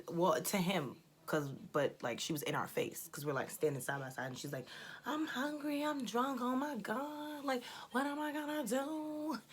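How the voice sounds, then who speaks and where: A woman's voice: lowish voice, fairly bright tone. A woman in her twenties telling a personal story in a casual, blunt, chatty way, swearing freely. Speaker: storytelling vlogger.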